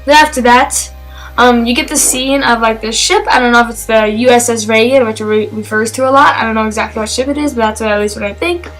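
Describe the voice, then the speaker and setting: A woman's voice: fairly high pitch, fairly even intonation, fast, fairly bright tone, faint music behind, rough recording. A woman giving a casual spoken film review, enthusiastic and rambling, with lots of fillers and restarts.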